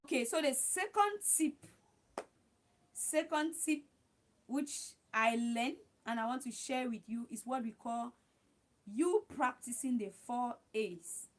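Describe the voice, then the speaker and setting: Woman, high voice, chatty livestream host, repeats herself, talks to viewers as guys. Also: slow pace. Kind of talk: casual advice talk to live viewers.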